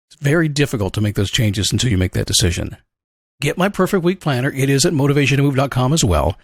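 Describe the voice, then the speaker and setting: A man hosting a motivational show, talking in an energetic, conversational way and acting out questions and a dog's thoughts. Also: medium pitch, quick pace, dry recording, clean studio sound. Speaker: motivational coach and podcast host. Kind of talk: upbeat motivational monologue.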